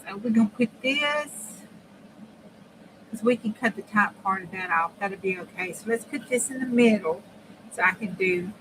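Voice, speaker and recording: A woman's voice: medium pitch, normal speed. Chatty woman crafting on a noisy stream. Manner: chatty, thinks aloud while working, drops to near-whispers. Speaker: crafting channel host. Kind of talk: casual craft livestream talk. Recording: noisy background.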